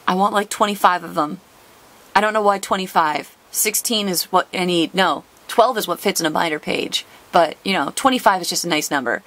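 A woman hosting a casual card-opening video. She is excitable, gushing over cards and gasping often. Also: medium pitch, moderate pace. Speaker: trading card collector and video host.

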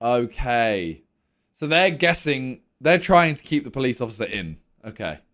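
A man's voice: medium pitch, very animated, unhurried, fairly bright tone. A young man casually reacting to a video, thinking aloud and second-guessing himself.

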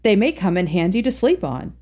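Brief: woman voicing offhand, breezy young man, storybook reading, lively delivery. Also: medium pitch, a little fast. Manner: airy, offhand. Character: glib, breezy young gentleman.

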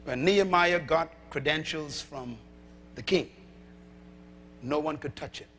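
A male preacher delivering a sermon emphatically, calling out to the congregation and shouting at peaks. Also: fairly high pitch, measured pace, a little hiss or hum. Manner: emphatic, calls to audience.

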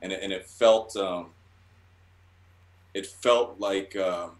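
A man's voice: deep voice, steady tone, slow pace, roomy sound, low-quality recording. A man telling stories as a guest in a casual interview, rambling, swearing often and stumbling over restarts. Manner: rambling, profane, stammering restarts. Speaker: guest artist.

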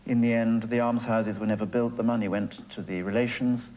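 A man calmly explaining a collection's history in a measured way, for a documentary. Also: medium pitch, slight background noise, low-quality recording.

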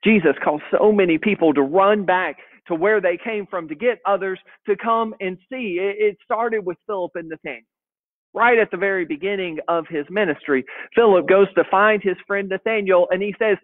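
A man's voice: sits high, moderate pace, no room sound. A man in his thirties, a pastor preaching a folksy, conversational storytelling sermon, often repeating his words as he goes. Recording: tinny phone-like dry sound.

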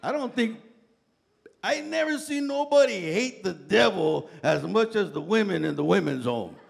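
Middle-aged male pastor with a high voice, preaching through loose, chatty personal anecdotes. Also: sing-song, normal speed, gravelly. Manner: casual, colloquial storytelling with frequent "man" and "right?". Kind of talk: sermon with humorous personal stories. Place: church sanctuary.

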